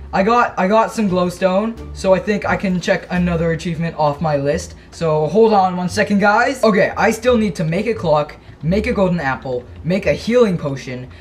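A young man with a slightly high voice talks through his gameplay in a loose, rambling way. He is jumpy and excitable, breaking into yelps and gasps when something surprises him. Faint game music plays quietly underneath. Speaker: gaming channel host. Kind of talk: casual gameplay commentary.

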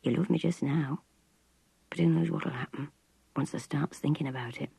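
A woman voicing a terse male gamekeeper in a slow, low rural Midlands dialect. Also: fairly even intonation, gravelly, mellow, husky, no echo, full character voice, poor audio. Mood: wary. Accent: Midlands dialect, put on.

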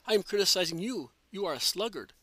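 A man voicing an old, sharp-tongued mother-in-law who nags and reproaches her son-in-law. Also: on the high side, a little fast, no room sound, natural voice. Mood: scolding. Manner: nagging, reproachful.

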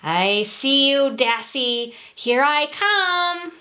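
A woman's voice: sits high, expressive, very slow, pushed and bright, pitched above the performer's own voice, heavily acted. Woman doing a screeching greedy eagle. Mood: menacing. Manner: screeching, squawking threats. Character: greedy big old male eagle.

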